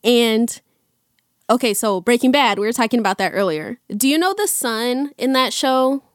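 A woman's voice: a little high, expressive, moderate pace, dry recording, studio quality. A woman co-hosting a podcast in casual chat, blunt and playful, with frequent swearing and laughter. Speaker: podcast co-host.

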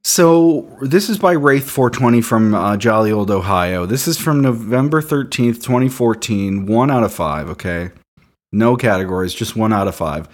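A podcast co-host in casual chat, reading reviews aloud with a wry, sarcastic manner. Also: male voice, fairly low pitch, expressive, moderate pace.

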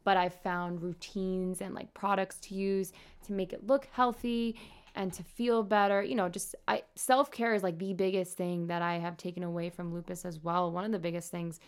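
A woman's voice: fairly low pitch, fairly even intonation, normal speed, clear, resonant tone. A young adult woman, a nurse, speaks candidly and earnestly about her own experience in a casual vlog. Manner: candid and earnest, talking openly. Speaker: nurse sharing her own health story. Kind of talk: casual personal vlog talk.

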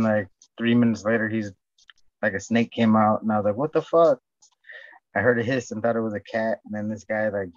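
A man's voice: lowish voice, no room sound. A man telling rambling, profane stories in casual chat and acting out what people said. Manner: profane storytelling, acts out quotes. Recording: dull dry lo-fi sound.

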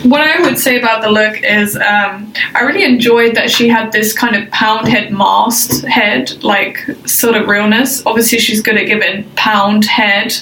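A woman's voice: medium pitch, steady tone, unhurried, hardly any pauses, a bit bright, recorded from a distance. A woman co-hosting a casual chat, playful and cheeky, stretching words out for emphasis. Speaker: podcast co-host. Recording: roomy echo, from off-mic, faint hiss.

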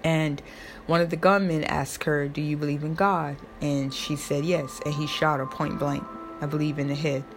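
A woman's voice: sits low, steady tone, normal speed, faint music behind. A young woman talking casually and emotionally, rambling with many fillers and restarts. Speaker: host. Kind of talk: casual personal talk.

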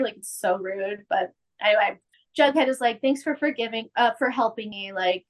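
A woman hosting a podcast, casually recapping an episode with lively acted-out quotes. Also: mid-range voice, normal speed. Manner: animated, acts out quotes, laughs often. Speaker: podcast host.

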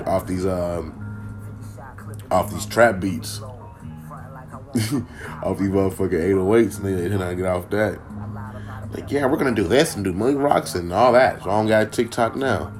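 A man from Minnesota hosting a casual solo podcast from home, loose, profane, rambling and joking. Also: on the low side. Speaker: podcast host.

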